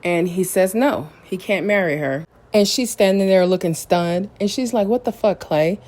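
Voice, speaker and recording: A woman's voice: medium pitch, moderate pace, a little mellow. A woman hosting a podcast, recapping a reality show in a candid, opinionated, casual way. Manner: opinionated, candid, retells scenes in detail. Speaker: podcast host.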